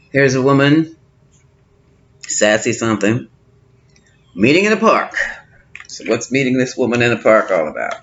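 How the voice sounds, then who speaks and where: A man works through a tarot card reading, thinking aloud and pausing as he interprets each card. His voice sits at an ordinary middle pitch. The recording is a bit muffled and lo-fi, with a faint hiss underneath. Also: a bit bright. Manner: musing, thinking aloud with pauses. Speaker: tarot reader. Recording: slightly dull lo-fi sound with faint noise.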